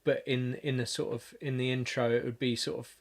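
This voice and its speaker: A man producing music on a livestream, talking casually and haltingly, thinking aloud with lots of fillers and restarts. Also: mid-range voice, level tone. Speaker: music producer streaming a session.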